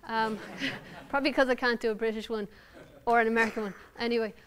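A woman's voice: a little high, fairly even intonation, fast talker. An Irish woman novelist reading her work aloud and then answering audience questions, candid, wry and self-deprecating. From Ireland. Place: university lounge before an audience.

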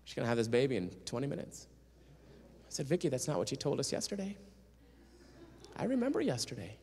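A man with a mid-range voice talks fast as he delivers a storytelling sermon as a guest speaker and singer, animatedly acting out the voices of the people in his tale. He's in a church sanctuary, and the recording carries a long church reverb.

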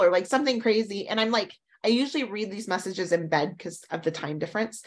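Woman mentor, casual panel talk, lively storyteller, mid-pitched voice. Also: fast talker, hardly any pauses. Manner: lively storyteller, animated quotes. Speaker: photography mentor.

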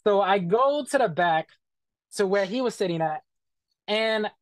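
A man's voice: high-pitched, lively intonation, a little slow, dry recording, studio quality. Blunt, profane man telling a story. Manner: blunt and profane, retelling events with lots of quoted dialogue. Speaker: interviewee. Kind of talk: casual storytelling interview.

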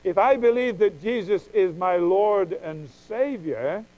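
A man preaching a sermon emphatically, with dramatic pauses, acting out quoted voices. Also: sits high, expressive, highs cut off.

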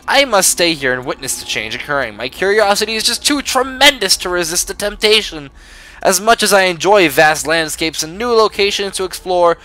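A curious male traveler writes to a friend in a plain, slightly formal tone, read aloud by a young man in his own voice. The voice is somewhat high and bright. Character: curious wandering male traveler writing letters.

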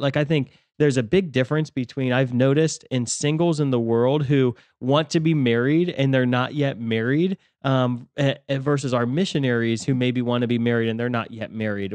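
A ministry leader who co-hosts a faith podcast speaks in a medium-pitched, slightly mellow voice, recorded without echo. His casual faith talk is reflective and sprinkled with fillers and false starts.

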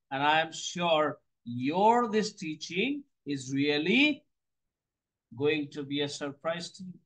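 A man teaches a poem line by line in a notably high voice. He moves at an unhurried, deliberate pace. He keeps repeating words and asks questions that he then answers himself. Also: poor audio. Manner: explains slowly, repeats phrases, asks and answers his own questions. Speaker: English teacher.

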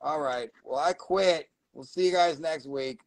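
Middle-aged male live-stream seller, raspy fry in the voice, rambling and foul-mouthed. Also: a little high, measured pace, no echo, poor audio. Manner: rambling and profane, swearing often. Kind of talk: casual live sales stream.

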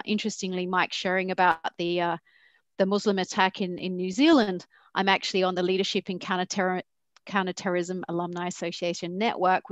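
A woman's voice: medium pitch, no room sound. Candid woman telling stories on a panel. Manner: candid, reflective, acts out quoted dialogue. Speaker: company founder and panelist. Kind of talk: conversational panel talk with personal stories.

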